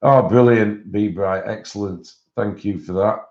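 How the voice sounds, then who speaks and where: A man with a lowish voice chatting casually on a live stream, rambling as he greets viewers by name. The sound is dull and lo-fi, like a basic stream feed. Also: fairly even intonation, a little slow, a little mellow. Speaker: colouring channel host.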